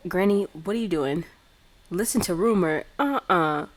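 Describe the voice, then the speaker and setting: A young woman with a slightly low voice who gives casual, chatty commentary over a life-sim game. She talks in a playful, filler-heavy way and sounds relaxed. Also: normal speed. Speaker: let's play host.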